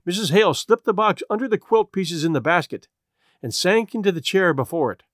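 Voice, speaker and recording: A man narrating a story aloud in a measured, expressive way. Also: high voice, no room sound, clean studio sound. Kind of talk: storybook reading.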